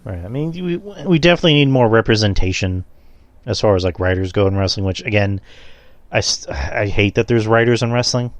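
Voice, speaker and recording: A man's voice: on the low side, lively intonation, brisk, no echo. A man in a casual podcast discussion who talks in a loose, opinionated and profane way.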